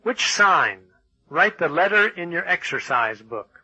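Guy reading out textbook exercises, slow and measured, kinda husky voice. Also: sits high, big pitch swings, bright, forceful tone, no room sound, low-quality recording. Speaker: textbook audio reader. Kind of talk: scripted textbook narration.

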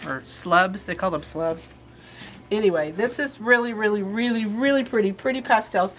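A woman's voice: medium pitch, moderate pace. A middle-aged woman hosting a casual show-and-tell in a craft shop, bubbly and rambling, often sidetracked. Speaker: quilt shop host.

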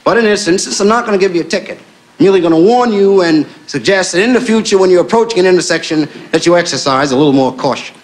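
A man voicing a polite, measured male police officer. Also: high voice, animated. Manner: courteous, measured. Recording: noisy live recording with audience laughter.

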